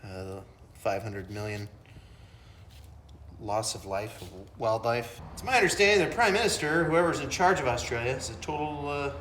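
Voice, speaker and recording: A man's voice: medium pitch, sing-song, normal speed, fairly bright tone, a little hiss or hum. A middle-aged man chatting casually while working in his home garage, joking and poking fun at himself. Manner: joking, self-mocking, rambling. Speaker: hobby mechanic host.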